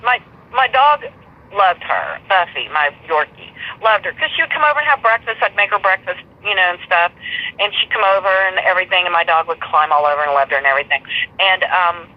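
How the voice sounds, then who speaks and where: Blunt, foul-mouthed woman guest, husky and rambling, on muffled low-fi audio. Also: sing-song, a little fast. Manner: blunt, profane, rambling storyteller. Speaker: interview guest. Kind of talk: live stream interview.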